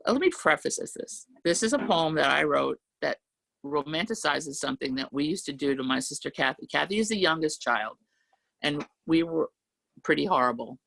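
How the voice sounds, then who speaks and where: A woman with a gravelly edge to her voice reads her own poems on a video call. She takes the verse slowly and with care. Between poems she slips into loose, chatty storytelling. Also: low voice, animated, fairly bright tone. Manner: slow, measured reading of verse, then chatty storytelling. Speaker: poet reading her work. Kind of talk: poetry reading with anecdotes.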